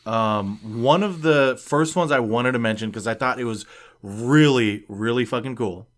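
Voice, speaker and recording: A man's voice: mid-range voice, moderate pace. A man co-hosting a casual podcast, reading listener tweets aloud and rambling with many fillers. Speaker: podcast co-host.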